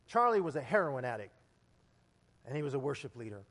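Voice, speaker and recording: A man preaching a sermon as pastor, telling stories and building to loud, emphatic peaks. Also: mid-range voice, big pitch swings, a little fast. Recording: long hall reverb.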